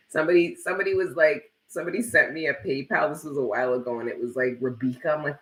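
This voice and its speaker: Profane, chatty man with a bright, roomy voice. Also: mid-range voice, brisk. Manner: casual, blunt and profane, lots of "like". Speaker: tarot reader hosting a live stream. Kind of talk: live stream, chatting and reading viewer comments aloud.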